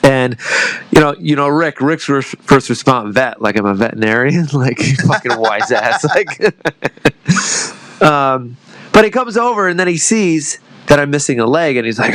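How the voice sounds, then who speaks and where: A man's voice: mid-range voice, expressive, a little slow, fairly bright tone, no room sound, low-quality recording. A man in his thirties, a retired army veteran, talks as a podcast guest. He tells his story in a loose, rambling way, swears freely and pokes fun at himself as he goes. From United States. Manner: rambling, profane, self-deprecating storyteller. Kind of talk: casual storytelling interview.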